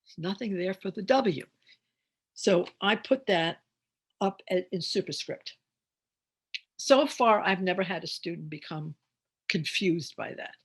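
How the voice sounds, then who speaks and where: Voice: medium pitch, expressive, measured pace, long pauses, fairly bright tone, slightly rough. A reading teacher giving an instructional talk on phonics, explaining step by step with chatty asides.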